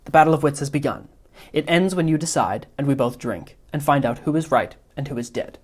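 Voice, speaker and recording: A man voicing a calm masked male swordsman, speaking in a cool, level, understated way. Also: fairly high pitch, fairly quick, breathy edge.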